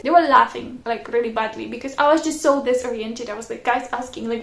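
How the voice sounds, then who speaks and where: High-voiced, gravelly young woman. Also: fast, hardly any pauses, roomy sound. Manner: chatty, laughing often, frequent "like" fillers. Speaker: vlogger. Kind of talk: casual storytelling.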